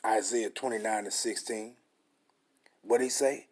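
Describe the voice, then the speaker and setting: Husky blunt-talking male preacher. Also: medium pitch. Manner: emphatic, blunt and profane, slows way down to read verses. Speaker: scripture teacher. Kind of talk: preaching and reading scripture aloud.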